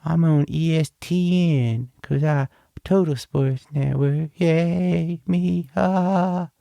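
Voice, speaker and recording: A man's voice: a little high, takes it slowly, vocal fry, mellow, no room sound. A man mimicking a cocky peppy female wrestler. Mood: boastful.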